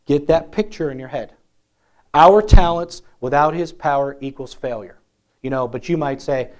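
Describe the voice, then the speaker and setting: Animated preacher man, higher voice. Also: moderate pace. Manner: animated, conversational, asks the crowd questions. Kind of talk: sermon.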